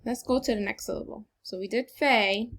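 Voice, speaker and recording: A woman teacher giving a recorded phonics lesson to children, slow, encouraging and deliberately exaggerated. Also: a little high, fairly even intonation, a bit bright.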